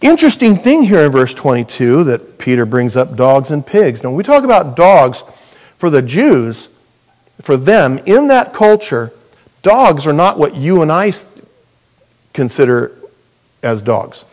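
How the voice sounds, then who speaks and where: A middle-aged man preaching a sermon as pastor, animated and jokey, with sudden loud high bursts. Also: unhurried.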